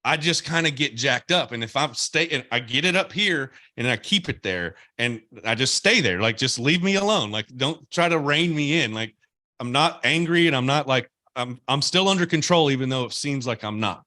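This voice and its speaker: A young man hosting a podcast, telling animated stories with swearing and laughter. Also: medium pitch, normal speed, no room sound. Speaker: podcast host, former player. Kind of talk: casual podcast chat.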